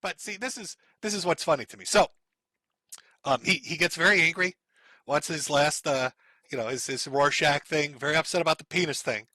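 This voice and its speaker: Bright-voiced man mocking on stream. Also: a little high, a little fast, no room sound. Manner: sarcastic, mocking, laughs often. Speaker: streamer host. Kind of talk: mocking live-stream commentary.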